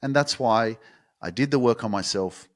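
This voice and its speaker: A man's voice: mid-range voice, normal speed. A young man from Australia hosting a motivational podcast, talking bluntly and swearing freely.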